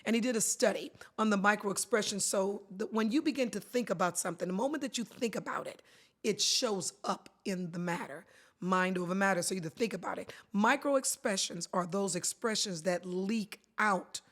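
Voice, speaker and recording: A middle-aged woman talks with lively, emphatic energy, like a speaker teaching a room. Her pitch rises and falls widely as she drives home each point, and at times she sinks into a hushed whisper to make it land. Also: fairly quick. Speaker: guest, body language expert. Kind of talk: animated conversational teaching.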